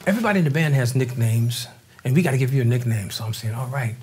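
An older man from New Orleans, a drummer and interview guest, telling stories in a relaxed, animated way, acting out the voices of people he quotes. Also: medium pitch, fast talker, slight background noise. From New Orleans, Louisiana. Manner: animated storyteller, acts out quoted voices, laughs often. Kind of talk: casual interview storytelling.

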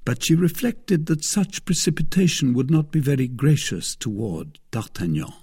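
A man narrating a classic novel in a measured, expressive reading. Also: mid-range voice, husky. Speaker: audiobook reader. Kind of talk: scripted narration.

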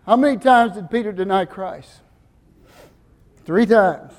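An older man preaches with a high-pitched voice that rings through a long-reverb church hall. He quizzes the congregation and fills in the answers himself. His delivery swings from forceful emphasis to quiet, intimate asides. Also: measured pace. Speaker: pastor. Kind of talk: sermon.

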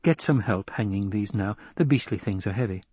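A calm, commanding noblewoman, as a male narrator reads her, giving crisp, firm orders. The voice is a touch husky and recorded close and dry. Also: fairly low pitch, brisk, no room sound.

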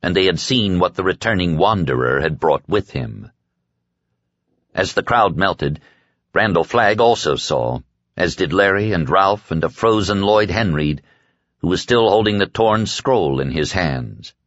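A man reading an audiobook with deliberate, dramatic storytelling. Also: sits low, expressive, fairly bright tone, no echo, highs cut off. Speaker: audiobook narrator. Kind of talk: scripted narration.

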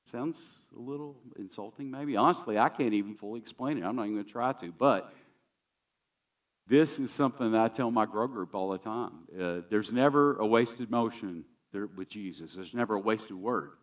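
A man's voice: fairly low pitch, normal speed, recorded from a distance. A man pastor preaching a sermon in a conversational, emphatic way, often repeating key phrases.

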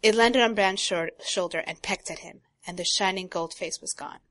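A woman co-hosting a casual talk show, reading a long passage from a novel aloud and breaking off for quiet asides. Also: medium pitch, normal speed, dry recording. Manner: reads prose steadily, drops to quiet asides. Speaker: podcast co-host.

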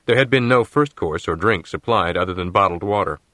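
A man narrating an audiobook in a measured, even storytelling manner. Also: deep voice, dry recording.

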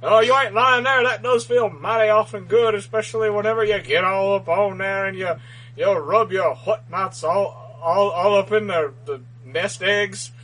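A man's voice: sits high, moderate pace, a bit bright, rough recording. A man putting on a blustering, drawling Southern cartoon-rooster voice, repeating "I declare" in an exaggerated drawl.

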